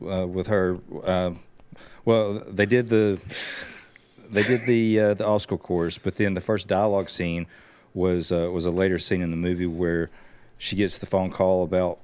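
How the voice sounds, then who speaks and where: A man co-hosting a podcast who tells stories in a relaxed, rambling way. His voice is deep and smooth. The sound is dry and close. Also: normal speed, no room sound. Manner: relaxed storytelling with many fillers. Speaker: podcast co-host. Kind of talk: casual chat.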